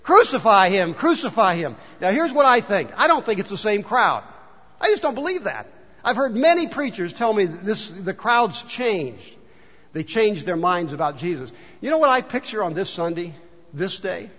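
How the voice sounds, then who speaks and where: A man preaching a Sunday sermon as pastor, animated and then quietly emphatic. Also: high-pitched, moderate pace. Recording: muffled hall reverb.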